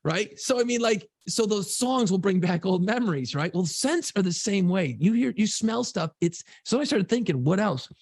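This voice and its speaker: A man's voice: high-pitched, expressive, moderate pace, few pauses, dry recording. A middle-aged man co-hosting a casual podcast, telling loose, profane stories. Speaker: podcast co-host.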